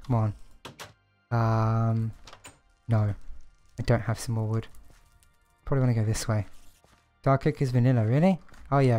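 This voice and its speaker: A man talking through his gameplay in a loose, chatty voice of middling pitch. He mocks himself easily and keeps up a running commentary, with faint music playing under his voice. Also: dark tone. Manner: chatty, self-deprecating, talks to himself while playing. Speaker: streamer.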